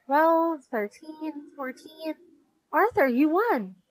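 A woman voicing a bossy, cheerful girl who runs the games, in a bright announcer tone. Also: high-pitched, lively intonation, takes it slowly, rough recording.

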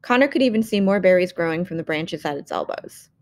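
A woman narrating an audiobook in a measured, expressive reading. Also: lowish voice. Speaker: audiobook reader.

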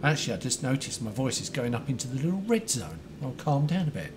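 An excitable, chatty man livestreaming a game, greeting viewers by name. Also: mid-range voice, quick pace, noisy background. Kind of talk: casual live-stream chat. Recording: faint music behind.

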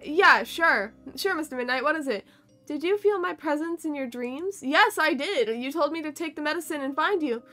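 A woman's voice: high-pitched, expressive, moderate pace, pushed and bright, soft background music. A woman voicing a frightened ten-year-old girl who speaks earnestly and rambles when she explains.

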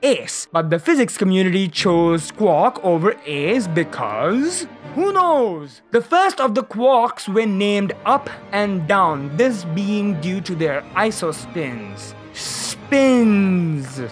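A sarcastic science explainer whose exasperated, jokey delivery swoops lively up and down in pitch. The voice sits at a middle pitch, with faint music playing underneath. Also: slow pace, few pauses. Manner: sarcastic, exasperated, swears for comic effect. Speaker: science YouTuber. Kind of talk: comedic educational monologue.

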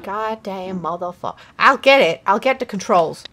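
A young woman giving loud, profane, self-mocking commentary while playing a game. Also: medium pitch, lively intonation, normal speed. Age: young adult. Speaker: gaming video host. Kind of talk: profane let's-play commentary.

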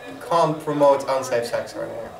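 Low-voiced teasing woman gamer. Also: normal speed, creaky. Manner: teasing, coaching the others. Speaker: gaming video regular. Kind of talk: casual chat while playing a football video game. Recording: roomy, distant mic, game crowd behind.

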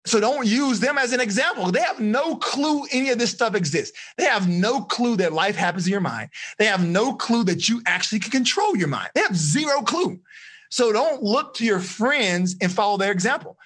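A man coaching teenagers on a video call, energetic and encouraging, quizzing his listeners as he teaches. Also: high-pitched, moderate pace. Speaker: life coach. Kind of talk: live online seminar for teens.

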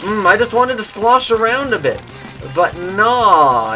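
Silly young guy yelling meme lines over his gameplay, bright voice, faint music under it. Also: high voice, slow pace. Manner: goofy, animated, slips into silly meme voices and shouts. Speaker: gaming YouTuber. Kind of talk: gameplay commentary.

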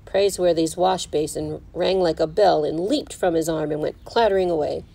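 A teacher reading a children's novel aloud at home, in steady storybook narration. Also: female voice, low voice, moderate pace, creaky, rough recording. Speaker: fourth grade teacher.

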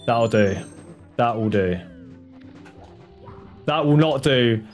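A man's voice: medium pitch, slow, long pauses, faint music behind. A man livestreaming a game speedrun, chatting to his viewers and urging his character on, swearing when tense. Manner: excitable, swears, talks to the game character and chat. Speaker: speedrun streamer. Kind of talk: live gameplay commentary.

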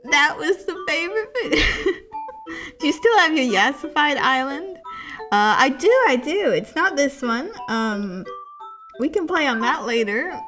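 Giggly young woman streaming a game. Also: sits high. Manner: giggly, excitable, bursts into laughter. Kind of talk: casual gameplay live stream. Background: game music.

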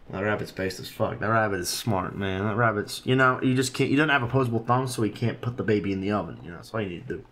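A man's voice: on the low side, fast talker, hardly any pauses, fairly bright tone. A man giving casual, profane let's-play commentary and teasing the baby in the game. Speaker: gaming channel host.

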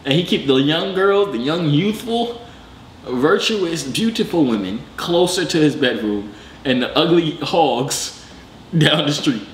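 A young man hosting a reaction video, joking in slangy casual commentary with sudden excited jumps in pitch. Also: unhurried, echoey room, slight background noise.

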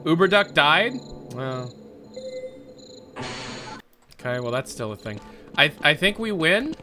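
A man's voice: fairly high pitch, sing-song, takes it slowly, pushed and bright, a little hiss or hum. A man streaming a game, chatting casually, rambling and swearing as he plays, with a desk mic. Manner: rambling, profane, joking. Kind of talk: casual live gameplay commentary.

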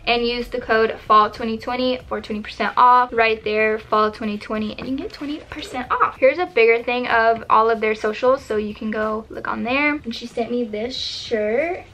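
A woman's voice: on the high side, normal speed, hardly any pauses, a bit bright, slight background noise. A teenage girl vlogging as she opens fan mail, bubbly and gushing, with plenty of "like" fillers. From Texas. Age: teens. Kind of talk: casual mail-opening vlog.

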